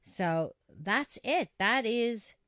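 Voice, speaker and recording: A woman's voice: on the high side, animated, very slow, a bit bright, dry recording, clean studio sound. A woman hosting a talk show, reading out listener texts and walking through research findings, with frequent fillers and restarts. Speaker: host. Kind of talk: radio talk show discussion.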